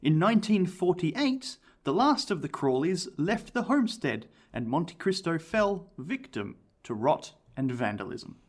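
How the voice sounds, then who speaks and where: Man, animated podcast co-host, slightly high voice, very lively delivery. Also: unhurried, hardly any pauses. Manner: animated, jokey, laughs often. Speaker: podcast co-host reading the book. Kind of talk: casual chat and reading aloud.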